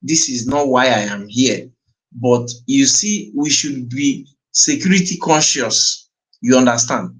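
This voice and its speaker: Nigerian guy on a livestream, earnest, slow, repeats himself, switches to igbo. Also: medium pitch, fairly bright tone, low-quality recording. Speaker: livestream host. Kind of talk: commentary on a played clip.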